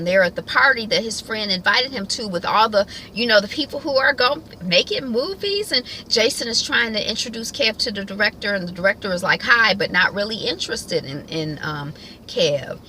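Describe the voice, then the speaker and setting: A woman's voice: medium pitch, expressive, fairly quick, pushed and bright, a little hiss or hum, poor audio. A woman at home giving a casual, colloquial recap of a TV episode, chatting and acting out the characters' lines. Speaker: TV recap vlogger.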